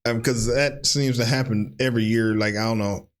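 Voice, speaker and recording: A man's voice: medium pitch, fairly even intonation, a little fast, smooth. An American man reacting to a football video, musing and hesitant, asking his viewers questions. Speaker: reaction channel host. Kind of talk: casual reaction commentary.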